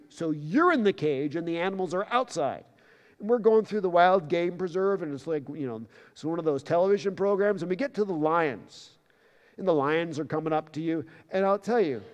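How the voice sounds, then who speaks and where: A man preaching a sermon as pastor, shifting between conversational asides and loud, emphatic bursts when he reads scripture. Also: fairly high pitch. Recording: long hall reverb.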